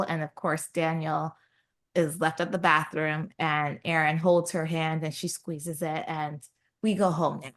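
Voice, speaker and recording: A woman chatting on a book podcast, recounting a love story. Her voice sits low, and she jumps up into high, squeaky tones when she quotes the characters. The delivery is casual and animated. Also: measured pace. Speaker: podcast co-host. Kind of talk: casual book recap chat.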